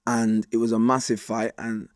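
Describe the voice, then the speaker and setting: A man's voice: lowish voice, no echo. Young Mancunian man telling his story. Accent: Manchester English. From Manchester, England. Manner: animated street slang, quick bursts. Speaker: guest, former fighter. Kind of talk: candid storytelling.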